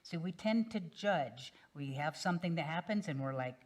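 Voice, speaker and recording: A woman minister telling a parable during a sermon in a relaxed, gentle storytelling manner. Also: low voice, moderate pace, few pauses.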